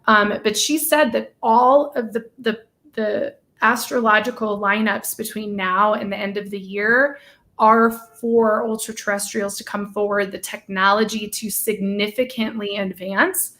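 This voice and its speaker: A woman hosting a casual live-stream chat, bubbly and gushing, running off on quick tangents. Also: mid-range voice, steady tone, bright, forceful tone.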